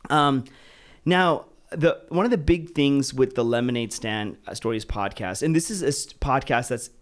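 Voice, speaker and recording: A man's voice: medium pitch, normal speed. A man hosting a podcast, talking casually and eagerly affirming his guest. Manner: eager, affirming, says "dude" and "yeah". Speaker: podcast host. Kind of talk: casual interview talk.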